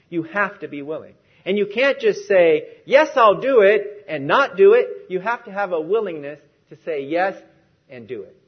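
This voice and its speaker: A man's voice: a little high, slightly rough. Emphatic preacher, man, lo-fi sermon recording. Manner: emphatic, repeats phrases for stress. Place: church.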